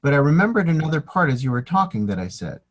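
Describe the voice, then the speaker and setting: A man's voice: a little high, sing-song, fast. A man co-hosting a casual chat, speaking reflectively and affirming his partner. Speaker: co-host.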